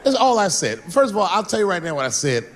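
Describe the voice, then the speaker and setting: A man performing a stand-up comedy set, telling profane stories with animated energy and acting out the characters. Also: sits high, fast talker, some chatter behind. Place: stage before a live audience.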